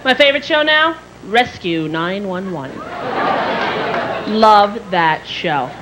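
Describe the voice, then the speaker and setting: A woman in her thirties, a stand-up comedian telling quick, animated stories with jingles and shrill impressions on a theater stage. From New York area. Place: theater stage before a live audience. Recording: live stage mic with loud audience and hall noise.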